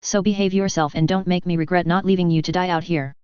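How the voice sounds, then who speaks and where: A woman narrating puts on a stern, wary warrior woman who questions a stranger bluntly in a fantasy storybook reading. The voice is smooth and low-pitched, close to the narrator's own. The recording is dry and slightly lo-fi. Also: steady tone, fast talker, darkish tone, dry recording, lightly acted. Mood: suspicious.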